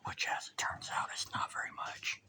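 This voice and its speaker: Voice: normal speed, sharp tone. An urban explorer whispering a rambling walk-through narration inside a large abandoned mill. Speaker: urban explorer and video host.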